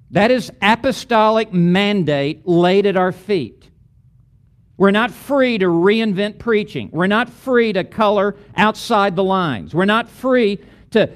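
Middle-aged guy lecturing on preaching, high voice, slow and emphatic, hammers out repeated lists. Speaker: seminary teacher of preaching.

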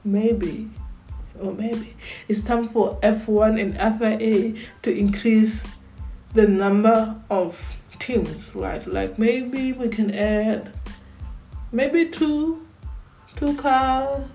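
A woman's voice: on the high side, steady tone, slow, dark tone, soft background music, low-quality recording. A woman giving casual fan commentary on a vlog, chatty, repeating words as she talks things over. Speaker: Formula One fan vlogger.

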